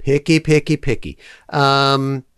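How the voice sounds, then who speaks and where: A man's voice: medium pitch, flat delivery, takes it slowly, fairly bright tone, smooth, no room sound, clean studio sound. A man voicing a wry, offhand sidekick in a comedy sketch.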